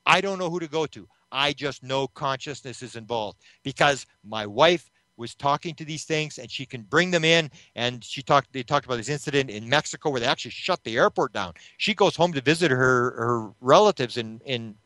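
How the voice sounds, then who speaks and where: A man being interviewed, telling a long story with animated retelling, acting out the voices of the people in it. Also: medium pitch, normal speed, few pauses, no echo. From Canada. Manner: animated retelling that acts out quoted voices, with restarts. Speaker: interview guest, UFO researcher.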